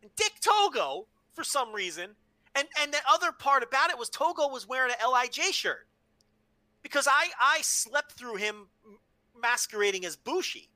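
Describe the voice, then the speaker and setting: A man's voice: very high voice, animated, normal speed, pushed and bright, dry recording. A man co-hosting a casual podcast, telling stories frankly, swearing freely and restarting with repeated words. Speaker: podcast co-host. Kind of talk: casual wrestling podcast chat.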